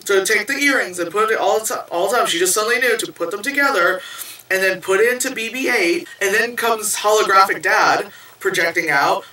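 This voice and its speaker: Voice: mid-range voice, a little fast, sharp tone. A movie reviewer recapping a film in a casual, rambling way, swearing often and saying "like" constantly. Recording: roomy, distant mic.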